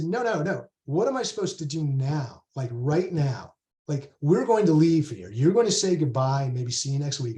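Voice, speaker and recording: Man, author reading his own monologue, rambling and chatty asides, slightly high voice, roomy echo. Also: darkish tone. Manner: rambling, conversational delivery with asides. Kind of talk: dramatic reading of a first-person monologue.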